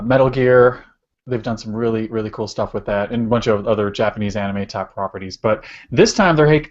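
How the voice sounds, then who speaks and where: A man co-hosting a casual podcast, laughing easily and rambling through fillers. His voice sits at an ordinary middle pitch. The recording is dull and lo-fi. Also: darkish tone. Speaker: podcast co-host.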